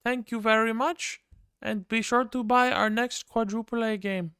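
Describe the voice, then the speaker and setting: A man's voice: extremely high pitch, fairly even intonation, normal speed, pushed and bright, clean tone, no echo, clean studio sound, pitched above the performer's own voice, full character voice. A man doing a mocking impression of a smug male game-company executive, with a vague put-on foreign accent and oblivious corporate talk.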